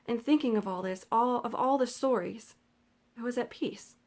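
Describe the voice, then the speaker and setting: A woman librarian reading a novel excerpt aloud in a measured, expressive storytelling manner. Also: a little high.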